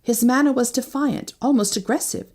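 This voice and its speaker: A woman narrating a first-person novel as an audiobook, reading expressively. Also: moderate pace. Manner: expressive, shifting pitch with each character.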